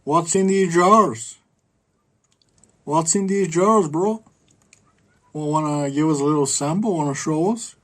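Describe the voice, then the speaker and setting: Man doing a prying, high folksy federal agent. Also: measured pace, pauses often, fairly bright tone. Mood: mocking. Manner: sing-song, teasing and nosy.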